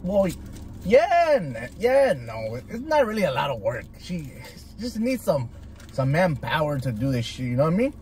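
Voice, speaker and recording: A man's voice: fairly high pitch, wildly swooping pitch, normal speed, a little mellow, a little hiss or hum. A man from Southern California, telling stories in a profane, slangy way with Spanish words mixed in while he eats. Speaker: food vlogger. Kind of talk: casual chat while eating.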